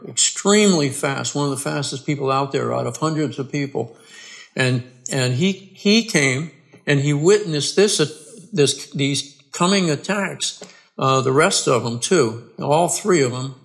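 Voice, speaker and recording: A man, a podcast guest, earnestly telling his own story in a halting way, restarting and repeating words. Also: on the high side, creaky, a bit bright. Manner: earnest and plain-spoken. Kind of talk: conversational storytelling.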